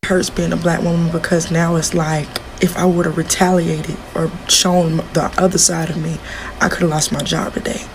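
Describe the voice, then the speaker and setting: A woman's voice: fairly low pitch, level tone, normal speed, a little hiss or hum. A young woman who works a hotel front desk, retelling an upsetting encounter while she is still shaken. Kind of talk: venting to camera.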